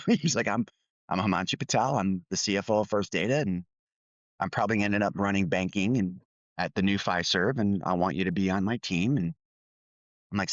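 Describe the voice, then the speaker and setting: A man's voice: fairly low pitch, lively intonation, a little fast, no room sound, muffled recording. A middle-aged man co-hosting a podcast, candidly telling a workplace story with quoted dialogue. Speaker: podcast co-host.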